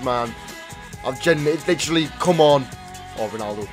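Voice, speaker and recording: Excitable young gamer, high voice. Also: male voice, moderate pace, faint music behind. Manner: excitable, swears, sudden shouts and mutters. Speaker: gaming YouTuber. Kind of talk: live gameplay commentary.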